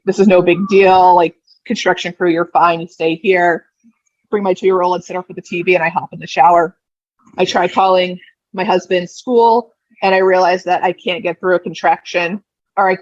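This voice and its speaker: A woman's voice: on the low side, dry recording. Woman telling a story, dull dry audio. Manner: lively retelling, acting out quoted lines. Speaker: podcast guest. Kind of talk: casual storytelling.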